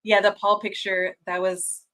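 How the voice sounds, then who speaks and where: Reading out viewer comments and chatting casually, a woman hosts a fan watch-party stream at a measured pace. Her voice sits in the mid-range, and she's gushing and excitable, laughing often and restarting sentences. The audio is poor.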